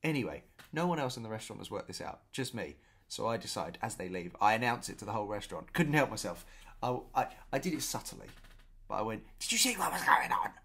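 A man telling a story in a casual vlog, chatty and animated, often repeating himself. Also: fairly low pitch, fast talker. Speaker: vlogger.

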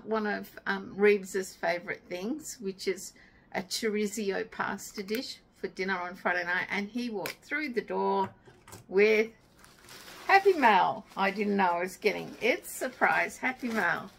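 A middle-aged woman chatting casually on her craft vlog, excitable and easily moved as she talks. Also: mid-range voice, normal speed, creaky, rough recording. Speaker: craft vlogger. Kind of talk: casual chat.

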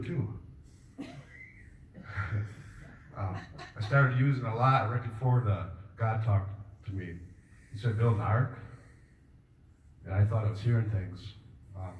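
Guy doing rambling deadpan stand-up, echoey room, mic sounds kinda far off. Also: lowish voice, muffled recording, slight background noise. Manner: rambling, deadpan delivery with filler pauses. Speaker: stand-up comedian. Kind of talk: stand-up comedy set. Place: club stage with audience. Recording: roomy, distant mic with faint ambience.

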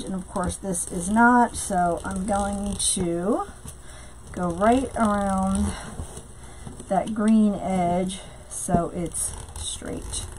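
A woman's voice: medium pitch, darkish tone, a little hiss or hum, rough recording. A woman hosting a live craft tutorial from home, chatting with viewers and greeting them by name between steps, with lots of fillers. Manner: many fillers, slow drawn-out greetings. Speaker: craft live-stream host.

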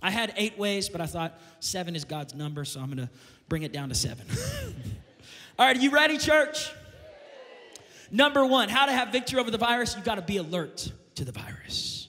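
A man preaching a sermon as pastor, impassioned and building to shouted climaxes. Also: high-pitched, sing-song, moderate pace. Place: church sanctuary. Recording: long reverb of a church hall.

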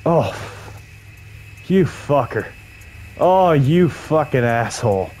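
A man giving live gameplay commentary, muttering and swearing to himself, with loud frustrated outbursts. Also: medium pitch, lively intonation, takes it slowly, a little hiss or hum. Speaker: gaming video host.

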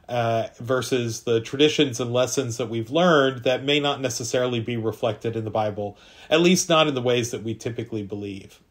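A man reading a measured introduction of a church class speaker. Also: mid-range voice. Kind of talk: read introduction.

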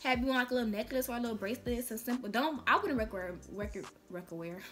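A woman's voice: on the high side, fast, fairly bright tone. A young woman giving casual advice in a chatty vlog, speaking in slang and acting out little dialogues. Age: young adult. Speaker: vlogger.

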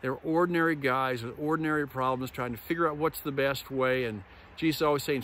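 A male pastor gives a conversational sermon, retelling stories and acting out quoted lines with lively emphasis. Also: medium pitch, brisk, slight background noise.

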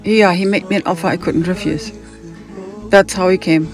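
Over background music, a Hamburg woman with a German accent rambles through a personal story, wandering onto side topics and performing what others said. Her voice sits on the low side, her intonation stays fairly even, and her pace is moderate.

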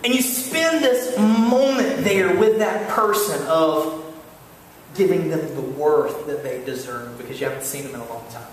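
A man preaching a sermon, animated storytelling with repeated calls to listen. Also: fairly high pitch, a little slow, background noise. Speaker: pastor. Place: church sanctuary. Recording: echoey church hall, mic far off.

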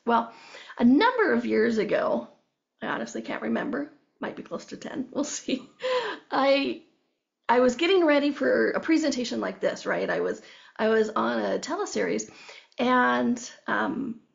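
A woman's voice: a little high, creaky. A woman giving a motivational talk as a speaker on listening to the body, conversational and storytelling, often ending lines with "okay?" and "right?". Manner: acts out dialogue in storytelling. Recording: dull lo-fi recording.

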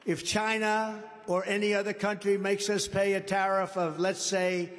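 A man giving a campaign rally speech in a large indoor venue. He rambles and repeats himself for emphasis, swinging from shouted lines to low asides. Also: flat delivery, normal speed. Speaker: political candidate. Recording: reverberant hall, faint background noise.

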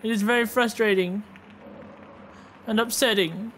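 A man giving let's play commentary, excitable and swearing freely, shouting at enemies. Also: high-pitched, a little slow, pauses often, a little hiss or hum. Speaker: gamer.

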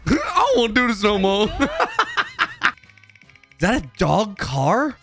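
Excitable young man reacting to memes. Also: high voice, slow pace, music in the background. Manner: loud, laughs often, swears, talks to chat. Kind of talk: casual reaction commentary.

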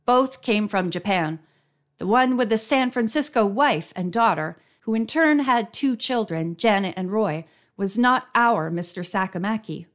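A woman reading the lines of a calm, authoritative middle-aged lawyer in an audiobook, in her own voice. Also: high voice, measured pace. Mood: explaining.

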